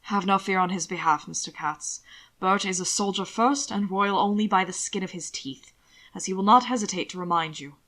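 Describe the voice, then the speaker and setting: Woman doing a quiet, composed aristocratic lord. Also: close to an everyday voice. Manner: low, quiet, measured. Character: calm refined aristocratic man, a lord.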